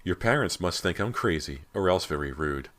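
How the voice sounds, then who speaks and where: A man's voice: sits low, expressive, moderate pace, a bit bright. A man voicing a friendly teenage girl next door, in an audiobook reading.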